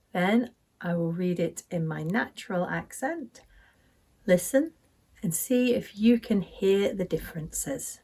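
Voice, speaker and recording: Slow, careful woman from Derbyshire. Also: mid-range voice, darkish tone. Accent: Derbyshire, northern English. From Derbyshire, northern England. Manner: careful, deliberate, demonstrates pronunciations. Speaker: English teacher. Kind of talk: slow, clear teaching explanation.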